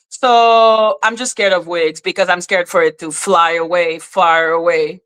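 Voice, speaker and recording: A woman's voice: on the low side, fairly even intonation, measured pace, few pauses, a bit bright, clear, resonant tone. A woman hosting a casual livestream, talking to her chat in an emotional, openly apologetic way and swearing freely. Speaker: livestream host reading chat.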